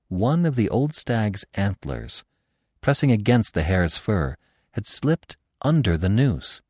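Male storyteller, deep and unhurried, dramatic swings in pitch; dry studio sound. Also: no room sound. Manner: expressive, dramatic reading. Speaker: narrator. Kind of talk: audiobook storytelling.

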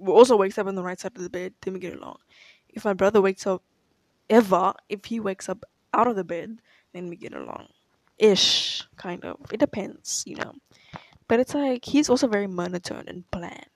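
In a dry recording, a young woman from Africa with a mid-range, darkish voice chats through a confessional Q&A on her vlog. Answering personal questions, she rambles, hesitates and keeps correcting herself.

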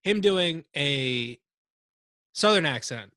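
A man's voice: a little high, lively intonation, slow, pushed and bright, no echo, studio quality. A man hosting a podcast, chatting casually in a joking, rambling way and swearing freely. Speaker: podcast host. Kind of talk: casual chat.

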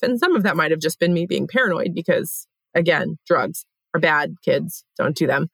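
Young woman co-host, low-pitched, frank and profane, dry studio mic. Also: normal speed, creaky, a bit bright, breathy edge, no echo. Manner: candid, swears freely. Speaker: podcast co-host. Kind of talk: casual chat.

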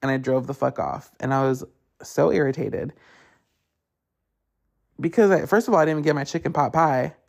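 Gravelly-voiced man ranting casually. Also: a little high, normal speed, long pauses. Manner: animated, profane storytelling; acts out others in quotes. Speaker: podcast host. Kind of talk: casual solo rant.

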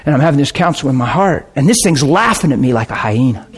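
A man preaching, telling a lively testimony story with laughter and a short sung passage. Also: a little high, quick pace, hardly any pauses, husky. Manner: animated storytelling, bursts of laughter, sings a hymn line. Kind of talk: testimony sermon.

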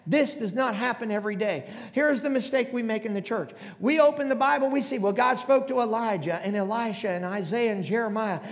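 A man in his forties preaching a sermon to a congregation, emphatic and calling out to them. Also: very high voice. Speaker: pastor. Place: church auditorium. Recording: long hall reverb.

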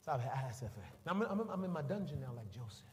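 A man's voice: mid-range voice, fast, a little hiss or hum. A middle-aged male pastor preaching a sermon, telling a story animatedly and voicing the people in it. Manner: animated storytelling, voices the people in it, makes beeping sounds. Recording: reverberant hall, faint ambience.

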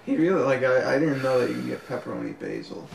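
A young man reacts in casual chat with incredulous exclamations. His voice is gravelly and swings widely in pitch. He sounds far from the mic in a roomy space, with clear hiss underneath. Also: huge pitch swings, fast talker.

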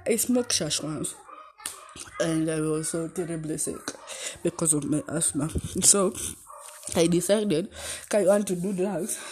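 Deep-voiced Kenyan woman, chatty. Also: a little mellow, a little hiss or hum. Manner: chatty, switches between English and Swahili slang. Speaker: podcast host. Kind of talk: casual personal storytelling.

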